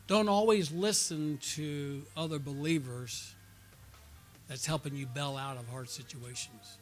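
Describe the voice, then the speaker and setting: With faint music in the background, a middle-aged pastor delivers a sermon at a church conference at a measured pace. His voice is fairly high; he tells a personal story and calls out to the congregation, alternating loud, excited peaks with quiet asides.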